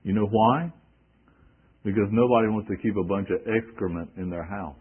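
A man's voice: on the low side, moderate pace, breathy edge, narrow, tinny audio. A male preacher giving an emphatic sermon, quoting scripture and asking rhetorical questions.

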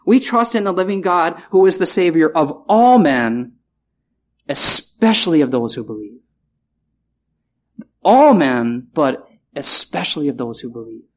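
A man preaching a sermon in a chapel, repeating key phrases and slowing down to stress words. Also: on the high side.

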